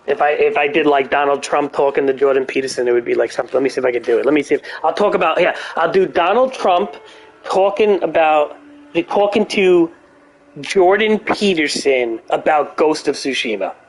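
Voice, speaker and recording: A man's voice: on the high side, a little fast, a little hiss or hum. An older man streaming a game, chatting casually in a blunt, profane, rambling way. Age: older adult. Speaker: gaming streamer. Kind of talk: casual chat over gameplay.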